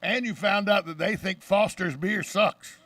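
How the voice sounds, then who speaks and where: A middle-aged man from the Deep South with a Southern accent, hosting a radio talk show with brash, joking banter. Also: a bit bright, recorded from a distance. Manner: brash, joking, fast-talking storyteller.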